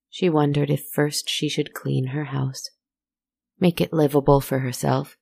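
A storyteller narrates a slow, meditative tale softly and reflectively, turning aside now and then to address the listener. The mid-range voice is steady in tone, creaky and husky, with no room sound.

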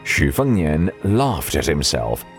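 A man narrating an audiobook with measured storytelling and faint music behind. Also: very deep voice, big pitch swings.

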